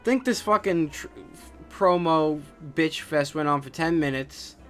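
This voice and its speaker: A man runs a solo podcast, talking casually in a scornful, cursing rant that is full of filler sounds. His voice sits a little higher than most men's, and faint music plays quietly behind him. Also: unhurried. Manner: profane, scornful ranting with frequent fillers. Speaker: wrestling podcast host.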